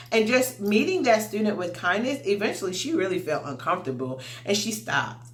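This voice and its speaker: A woman tells stories from her online teaching in a casual, animated vlog voice. She chats straight to her viewers as if they were friends. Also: medium pitch, a little fast. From United States. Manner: animated, chatty, addresses viewers directly.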